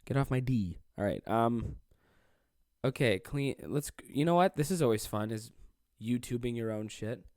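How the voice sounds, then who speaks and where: A jet-lagged young man rambles through a solo podcast, swearing freely and poking fun at himself. His voice sits at an ordinary pitch and sounds close and dry. He is alone in a small room. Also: animated, moderate pace, a little mellow, no echo. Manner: rambling, profane, self-deprecating. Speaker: podcast host and stand-up comedian. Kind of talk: casual solo podcast monologue.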